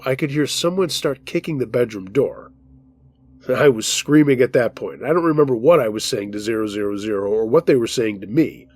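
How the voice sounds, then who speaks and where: A man hosting a horror podcast, reading a listener's true scary story aloud in the first person with steady, measured narration. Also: mid-range voice. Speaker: storytelling host.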